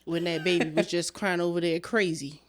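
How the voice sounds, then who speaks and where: A woman's voice: fairly low pitch, fairly even intonation, a little fast. A young adult woman co-hosting a podcast in casual chat. She mostly answers with short agreements and turns blunt and profane when she vents. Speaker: podcast co-host.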